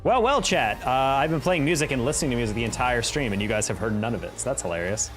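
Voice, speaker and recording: A man's voice: medium pitch, rapid-fire, music in the background. A young man live-streaming a game, chatting casually, reacting to plays and answering his chat. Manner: chatty, reacts to gameplay and reads chat aloud.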